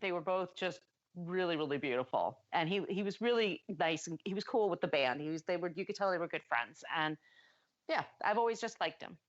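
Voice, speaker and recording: A woman's voice: fairly low pitch, lively intonation, fairly quick, highs cut off. A woman co-hosting a podcast, chatting and telling a story in an easy, friendly way. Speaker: podcast co-host. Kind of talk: casual chat.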